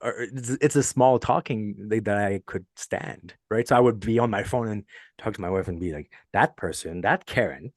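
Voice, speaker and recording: A man's voice: lowish voice, normal speed, darkish tone, no room sound. French Canadian man, rambling, dry sound. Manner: earnest, rambling, laughs often while telling stories. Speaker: podcast host. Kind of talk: casual podcast chat.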